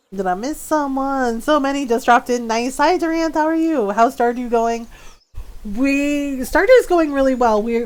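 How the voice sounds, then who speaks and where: Giggly woman chatting on a live stream. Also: high voice. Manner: chatty and giggly, greets viewers by name. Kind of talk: casual live-stream chat. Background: faint background music.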